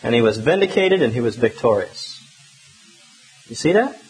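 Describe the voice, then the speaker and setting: A male pastor preaching a sermon in a conversational, humorous way with lively emphasis. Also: medium pitch, moderate pace, low-quality recording.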